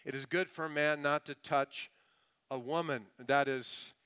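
A middle-aged male pastor preaching a sermon, swinging between loud emphasis and hushed asides. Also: on the high side, steady tone, measured pace, clear, resonant tone.

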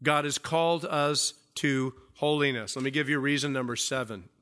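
A man preaching a sermon as pastor, emphatic, repeating key phrases, asking questions and dropping low and soft for stress. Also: fairly even intonation, normal speed.

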